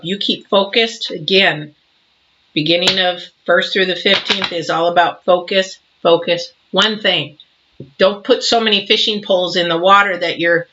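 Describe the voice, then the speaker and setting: A woman's voice: medium pitch, bright, forceful tone, highs cut off. Emphatic sixty-year-old woman tarot reader. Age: 60s. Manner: emphatic, preachy, acts out little scenes. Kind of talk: casual tarot reading monologue.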